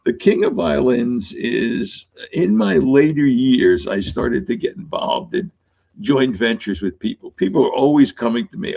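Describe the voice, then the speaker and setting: A gravelly, husky older man spins loose, rambling anecdotes as an interview guest, chuckling between stories. His voice comes through a dull, lo-fi recording. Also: mid-range voice, big pitch swings, normal speed, darkish tone. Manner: rambling anecdotal, laughs often. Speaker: author guest. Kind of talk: casual interview storytelling.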